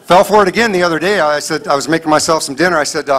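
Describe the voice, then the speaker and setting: Male stand-up comedian, high bright voice, punchy animated delivery, live audience laughing. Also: rapid-fire. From Kansas City area, US. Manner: punchy, animated storytelling with mock dialogue. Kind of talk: clean stand-up set.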